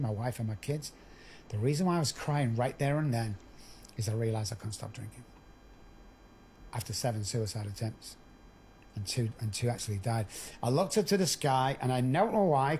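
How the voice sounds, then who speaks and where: A man's voice: mid-range voice, darkish tone, a little hiss or hum. A middle-aged man, a podcast guest, telling his own story candidly and earthily, acting out the dialogue.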